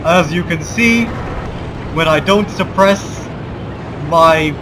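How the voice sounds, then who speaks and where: A man's voice: fairly high pitch, slow pace. A man from the Balkans in a forced American accent, commenting on gameplay with mock-grandiose war speeches and wry asides. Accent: forced American over a Balkan one. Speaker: let's play gamer. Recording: loud game sounds under the voice. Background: game ambience and vehicle noise.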